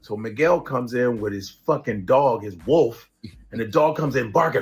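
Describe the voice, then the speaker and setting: A man telling a funny story on a live stream, animated and profane, laughing at his own jokes. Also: medium pitch, normal speed, soft background music.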